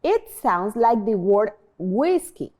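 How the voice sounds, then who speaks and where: Slow, lively-pitched woman teaching letters. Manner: clear, drawn-out enunciation with pauses for repetition. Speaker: language teacher. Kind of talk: slow, deliberate language lesson narration.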